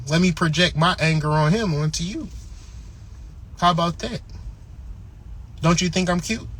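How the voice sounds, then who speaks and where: A man's voice: high-pitched, a bit bright, breathy edge, pitched above the performer's own voice. Man putting on a fickle, moody young woman.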